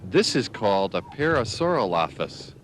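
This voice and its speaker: Lively low-voiced man explaining to kids. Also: normal speed, slight background noise. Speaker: children's video narrator. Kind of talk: teaching children about animals.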